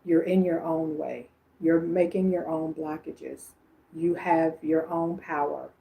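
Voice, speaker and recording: Low-voiced woman giving casual psychic readings. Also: fairly even intonation, slow, vocal fry, warm tone. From Illinois. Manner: chatty and informal, laughs often between phrases. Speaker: psychic medium and livestream host.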